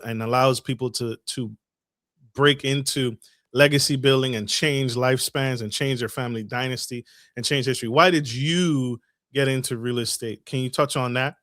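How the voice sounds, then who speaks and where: A man hosting a podcast interview, asking questions in a halting way and affirming his guest. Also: mid-range voice, a bit bright, dry recording, studio quality. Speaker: podcast host. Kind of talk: casual interview talk.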